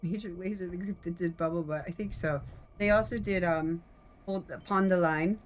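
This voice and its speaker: A woman's voice: fairly low pitch, normal speed. A woman co-streaming a game, chatting casually and playfully and jumping between topics. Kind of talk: casual chat while gaming.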